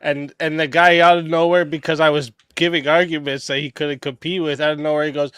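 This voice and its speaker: A man's voice: a little high, flat delivery, fairly quick, fairly bright tone, clear, resonant tone, no echo, clean studio sound. A man hosting a casual livestream, reading donation messages and laughing often. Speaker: stream host.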